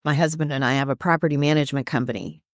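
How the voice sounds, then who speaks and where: A woman guest who is a life coach and minister, talking earnestly about faith and quoting scripture in an animated, preacherly way. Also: very deep voice, very fast, no echo, studio quality. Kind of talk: earnest faith-based teaching in conversation.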